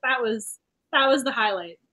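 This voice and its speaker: A woman co-hosting a casual romance book discussion, animated and laughing often. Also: on the high side, normal speed. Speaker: book club co-host.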